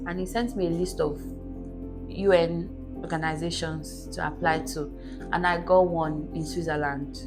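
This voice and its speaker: A woman telling her life story as a podcast guest in a relaxed chat, earnestly checking that her listener understands. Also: lowish voice, moderate pace, music in the background. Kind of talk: casual interview storytelling.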